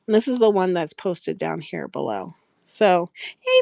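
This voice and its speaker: A woman's voice: fairly low pitch, animated, a little slow, gravelly, darkish tone, dry recording. A woman hosting a live craft sales stream, chatting casually, rambling and laughing often as she greets viewers by name. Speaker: craft seller and live show host.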